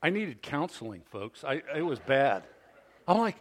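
A male pastor preaching a sermon at a church service, telling a story with animated delivery and frequent questions to the congregation. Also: mid-range voice, fairly quick.

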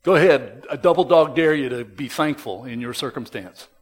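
A man preaching a sermon as pastor, emphatic and conversational, swinging between loud stresses and soft drops, with asides to the congregation. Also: medium pitch, animated, normal speed, slightly rough.

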